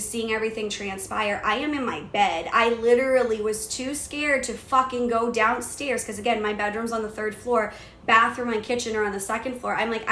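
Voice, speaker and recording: A young woman on her own podcast tells a story casually, full of swearing and acted-out outbursts. Her voice sits a bit high and sounds bright and crisp. The room has an audible echo with a faint hiss behind her. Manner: profane, animated retelling with quoted outbursts. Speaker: podcast host. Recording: echoey room with faint noise.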